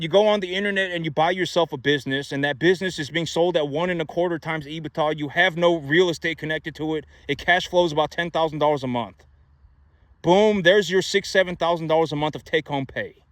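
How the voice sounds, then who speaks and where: A man's voice: on the high side, no echo. A man giving money advice in a casual, emphatic monologue, repeating himself and asking rhetorical questions. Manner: repetitive, emphatic, many rhetorical "right?" asides.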